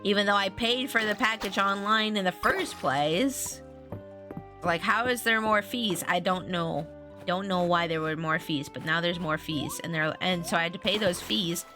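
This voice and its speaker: Chatty woman streamer, bright lower voice. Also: normal speed. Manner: rambling, chatty, often restarting sentences; talks to viewers and reads chat aloud. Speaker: streamer playing a farming game. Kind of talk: casual live-stream chatter. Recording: faint game music underneath.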